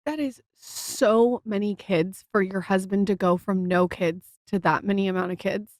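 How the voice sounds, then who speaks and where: A woman's voice: mid-range voice, steady tone, normal speed, darkish tone, no room sound, studio quality. Curious woman podcast host asking short questions. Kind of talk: casual interview chat.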